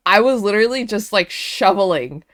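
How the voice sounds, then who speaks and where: A woman's voice: medium pitch, animated, moderate pace, no echo, studio quality. A young woman streamer telling a casual story to her chat, chatty, with lots of fillers. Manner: chatty, many fillers, bursts of laughter.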